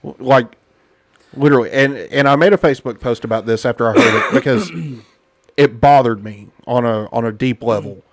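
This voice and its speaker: A man's voice: mid-range voice, moderate pace, dry recording, clean studio sound. A man hosting a casual podcast, talking bluntly and indignantly, with many fillers. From United States. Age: adult parent. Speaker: podcast host. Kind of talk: casual political podcast chat.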